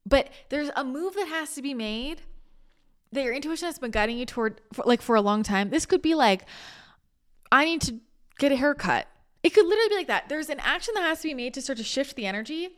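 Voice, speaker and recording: Rambling, animated woman host, fairly high voice. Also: quick pace. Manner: animated and rambling, with frequent restarts, laughter and casual swearing. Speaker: spiritual channeler and podcast host. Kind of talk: casual spiritual chat.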